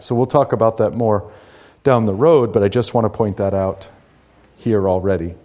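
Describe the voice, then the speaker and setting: A man's voice: lowish voice, normal speed, mellow. Man teaching a conversational Bible class. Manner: conversational, rhetorical questions. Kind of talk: Bible study lecture.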